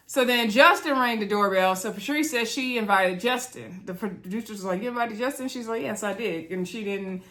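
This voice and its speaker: A woman's voice: medium pitch, a bit bright. A young woman, chatting casually and gossiping to viewers as she recaps a reality show, often calling out to them directly. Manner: chatty, gossipy, addresses viewers as y'all, acts out quotes.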